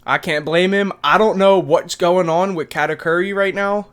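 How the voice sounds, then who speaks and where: A man's voice: sits high, fairly even intonation, moderate pace, a bit bright, clean tone. Chatty young man reviewing manga. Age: 20s. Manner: loose and chatty, slangy, swears casually, mimics characters in passing. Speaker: anime review vlogger. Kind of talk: casual manga chapter review.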